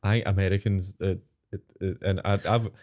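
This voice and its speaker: A Scottish man with a fairly low voice chats on a podcast from a studio. He talks in a hesitant, wry way, stumbling and restarting as he works through his point. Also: level tone, fairly quick, muffled recording. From Scotland. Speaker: podcast co-host. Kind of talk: casual chat.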